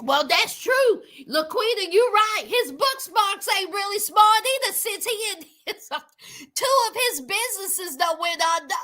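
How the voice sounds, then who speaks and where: A woman giving sassy, animated commentary on a reality show, talking straight to her viewers. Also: extremely high pitch, unhurried. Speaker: reality TV recap host. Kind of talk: casual recap commentary to viewers.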